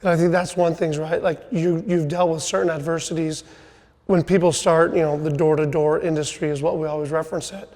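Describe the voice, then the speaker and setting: A man's voice: a little high, steady tone, brisk, darkish tone, long reverb tail. A middle-aged man hosting a casual podcast interview, coaching his guest and often tagging on "right?" and "you know". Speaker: podcast host, sales team leader.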